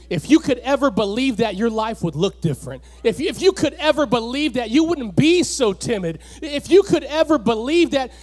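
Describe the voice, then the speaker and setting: A pastor preaching a sermon with passion, repeating lines and building up to shouts. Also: male voice, very high-pitched.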